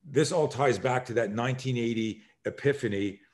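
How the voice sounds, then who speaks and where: An energetic man in his sixties, talking as a podcast guest at an ordinary mid-range pitch. He rambles through emphatic explanations and acts out little scenes, jumping into sudden shouted lines and swearing freely. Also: moderate pace. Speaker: self-defense instructor, podcast guest. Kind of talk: animated conversational storytelling.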